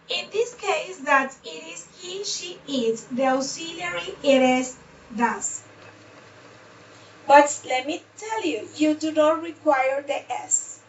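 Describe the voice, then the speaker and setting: High-voiced, slow-talking teacher. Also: female voice. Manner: repeats example sentences slowly and deliberately, switching to Spanish for explanations. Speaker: English teacher. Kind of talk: slow grammar lesson, modeling sentences. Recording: dull distant mic in a room.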